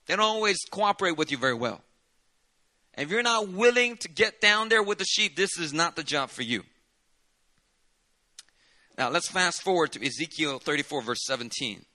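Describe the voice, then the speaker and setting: Bright-voiced man preaching a sermon. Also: a little high. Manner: conversational preaching with dramatic asides and Southern "y'all". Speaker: pastor.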